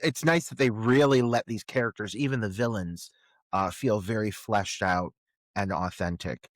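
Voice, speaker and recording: A man's voice: lowish voice, dry recording, studio quality. A man co-hosting a film podcast, giving thoughtful, analytical commentary in casual chat with frequent filler words. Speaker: podcast co-host.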